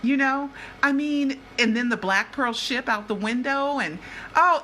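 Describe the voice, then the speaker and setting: An older woman, a vlogger and investigative journalist, talks to her viewers in an unhurried, high, pushed and bright voice, with a little hiss or hum in the background. Her casual vlog talk is chatty and emphatic, circling back and repeating itself.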